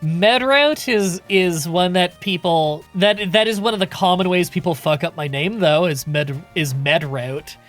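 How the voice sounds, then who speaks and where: A man streaming a game live, chatting in a relaxed, casual way with some swearing as he answers chat questions. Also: high voice, normal speed, few pauses, soft background music.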